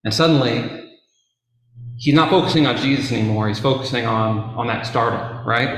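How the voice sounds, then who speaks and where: A man retells a Bible story in a relaxed, chatty way, full of fillers and playful asides. His voice sits at a middle pitch. The recording is very echoey, as if made in a bare room. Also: moderate pace. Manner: casual, conversational, with fillers and asides. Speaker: Bible teacher.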